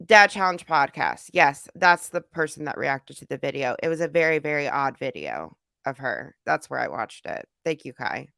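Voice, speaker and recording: Bright, gravelly streamer woman. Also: extremely low pitch, lively intonation, normal speed, no echo, clean studio sound. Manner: chatty, reads chat comments aloud. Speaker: reaction streamer. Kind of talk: casual live reaction chat.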